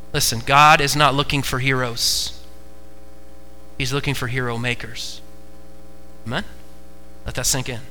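An American man preaching a sermon to a congregation, emphatic and repetitive, moving between hushed stretches and fervent ones. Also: mid-range voice, steady tone, a little slow, long pauses, a little hiss or hum, rough recording. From United States. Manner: emphatic, repeats key phrases, swings from hushed to fervent. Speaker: pastor. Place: church before a congregation.

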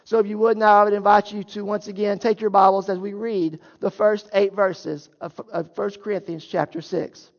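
A man's voice: high voice, flat delivery, normal speed, gravelly, hardly any pauses. A male pastor preaching a sermon, explaining a Bible passage in an earnest, emphatic way and pressing his points with rhetorical questions. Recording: echoey hall, dull lo-fi sound.

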